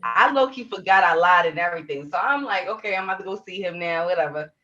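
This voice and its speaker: A woman's voice: on the low side, lively intonation, fast talker, pushed and bright. A woman co-hosting a casual podcast chat, telling a story and acting out both sides of the dialogue. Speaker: podcast co-host. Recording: dull lo-fi audio.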